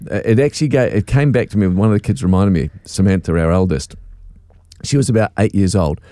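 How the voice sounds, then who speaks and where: A man's voice: deep voice, fast talker, dark tone, no echo. A middle-aged man, a radio host telling a family story in casual chat, acting out voices and laughing often.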